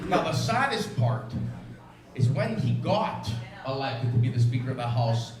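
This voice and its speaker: Man, stand-up comic, crude and brash, a little stoned, very echoey venue, loud music. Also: mid-range voice, very animated, measured pace. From Italian family. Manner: profane, brash, playful menace, does voices of people. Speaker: stand-up comedian. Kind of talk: crude stand-up comedy set.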